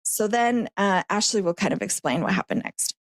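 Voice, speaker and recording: Woman guest, casual interview talk, chatty and animated, dry close recording. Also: mid-range voice, normal speed, no echo. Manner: chatty, animated, laughs between phrases. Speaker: podcast co-host, guest.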